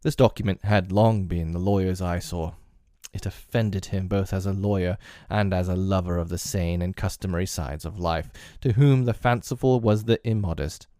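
Male narrator, very low voice, dark mellow tone, measured audiobook reading, dry close sound. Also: no room sound. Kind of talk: scripted audiobook narration of a classic novel.

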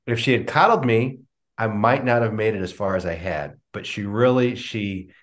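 Low-voiced man telling a story animatedly. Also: normal speed. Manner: animated storyteller, acts out quoted dialogue. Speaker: guest, business coach. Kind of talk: storytelling interview answers. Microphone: remote video call.

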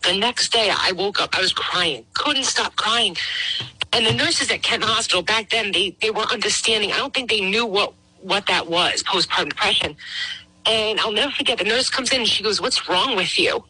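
A woman's voice: medium pitch, brisk, sharp tone, husky, low-quality recording. Emotional middle-aged woman calling in. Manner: emotional, rambling, acts out her own past words. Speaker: guest caller. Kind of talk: personal testimony.

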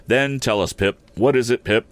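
A man voicing a kindly, simple village blacksmith who talks slowly in a homely rustic dialect. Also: medium pitch, no room sound, voice pushed up, natural voice. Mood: coaxing, amazed.

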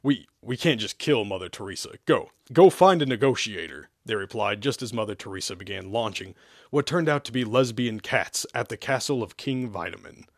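Deadpan male storyteller, dry close sound. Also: mid-range voice, dry recording. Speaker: host and story reader. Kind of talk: comic reading of an old amateur story.

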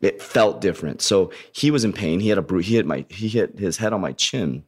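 A man with a very low, deep voice and a slight lisp from a hurt tongue, speaking as a motivational speaker. He tells his story candidly and earnestly, swearing freely and calling his listeners warriors. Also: animated, brisk, breathy edge.

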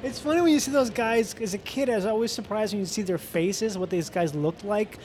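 A man with a notably high voice co-hosts a podcast. He chats easily and laughs often. His talk stays loose and conversational. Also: a little mellow, a little hiss or hum. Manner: chatty, quick to laugh. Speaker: podcast co-host. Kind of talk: casual chat.

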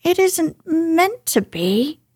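Woman putting on a storybook rabbit, fussy, prim, higher, dry and close. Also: big pitch swings, slow, darkish tone, dry recording, full character voice. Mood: evasive. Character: fussy male rabbit hiding in his burrow.

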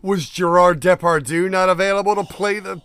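A man's voice: sits high, fairly even intonation, normal speed, fairly bright tone. A man co-hosting a podcast, heckling the film in casual chat with sarcastic, profane jabs. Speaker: podcast co-host.

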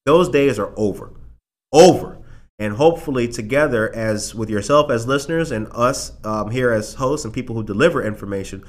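A man's voice: medium pitch, fairly quick, hardly any pauses. A man hosting a casual live talk show, emphatic and fond of repeating phrases for punch. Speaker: show host.

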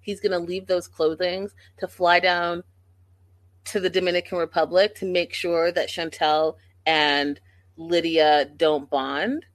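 A woman's voice: fairly low pitch, flat delivery, unhurried, dry recording. A woman giving a casual, sassy recap of a reality show, acting out quotes in exaggerated voices.

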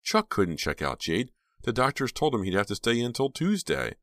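A man voicing a frightened teenage girl who speaks in a shrill, trembling, stammering way. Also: sing-song, moderate pace, a bit bright, no room sound, clean studio sound.

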